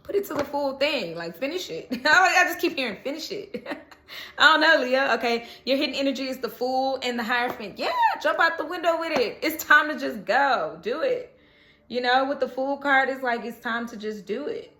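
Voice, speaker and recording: A woman with a slightly high voice gives a casual tarot reading. She talks in a chatty, encouraging way and laughs often. The room around her is echoey. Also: lively intonation, moderate pace, bright, forceful tone. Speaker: tarot reader.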